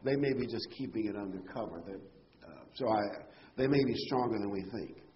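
A man's voice: on the low side, expressive, fairly quick, a little hiss or hum. A man preaching a sermon to a congregation, emphatic and full of rhetorical questions. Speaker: pastor. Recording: roomy, dull hall sound.

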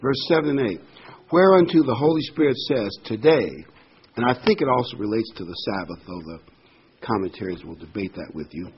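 An older man preaching a sermon, reading Bible verses slowly and with emphasis between plain explanations. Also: medium pitch, lively intonation, slightly rough. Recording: dull lo-fi with faint noise.

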